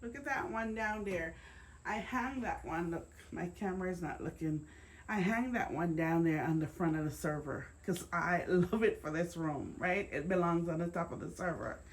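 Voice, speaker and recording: A woman with a Jamaican accent, chatting to camera in her dining room as a home decor vlogger, repeating words and breaking into excited exclamations. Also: fairly low pitch, normal speed, slight background noise. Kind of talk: casual chat to camera.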